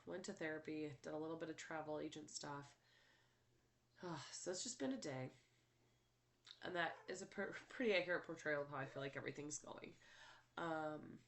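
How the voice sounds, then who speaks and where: A young woman talking in a candid, rambling way in a personal vlog, her voice stuffy and congested. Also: deep voice. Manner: candid and rambling, many fillers. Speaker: vlogger.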